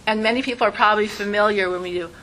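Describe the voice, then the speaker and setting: A woman teaching an informal class who talks in a lively way and acts out voices when she quotes people. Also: medium pitch, racing, slight background noise, low-quality recording.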